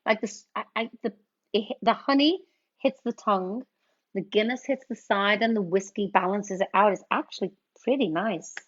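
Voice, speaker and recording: A woman's voice: medium pitch, normal speed. Chatty woman hosting a lo-fi drinks livestream. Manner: chatty, playful, reads out viewer names. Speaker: livestream bartender host. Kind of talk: casual livestream chat while mixing drinks. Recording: dull lo-fi stream audio.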